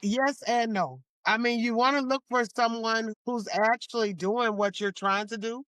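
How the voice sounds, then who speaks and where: A woman's voice: a little high, fairly even intonation, moderate pace, no echo. A woman speaking as a guest on a faith podcast, giving earnest advice in casual conversation. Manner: earnest, warm advice-giving, exclaims to the Lord. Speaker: podcast guest, church mentor.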